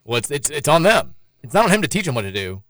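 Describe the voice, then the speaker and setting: Male sports radio host, quick delivery and sarcastic edge, close dry studio sound. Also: on the high side, sing-song, a bit bright, dry recording. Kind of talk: casual sports talk.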